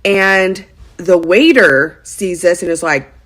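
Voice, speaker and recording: A woman's voice: on the low side, slow pace, a bit bright. A woman in her thirties telling a personal story in a casual vlog, chatty and full of "like" fillers. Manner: chatty, heavy use of "like" fillers. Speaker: lifestyle vlogger.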